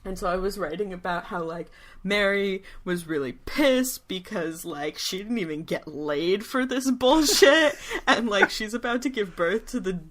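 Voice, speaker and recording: A woman's voice: measured pace, a bit bright. A woman in her twenties chatting casually as a podcast co-host, telling stories with lots of laughter and squealed quotes. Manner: chatty storyteller, laughing often, acting out quotes in high squeals. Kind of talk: casual chat.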